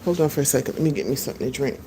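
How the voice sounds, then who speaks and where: Running a live-stream podcast from her phone, a female host chats and rambles casually, responding to viewer comments as she talks to her audience. Her voice is very deep and expressive, she talks very fast, and there is background noise.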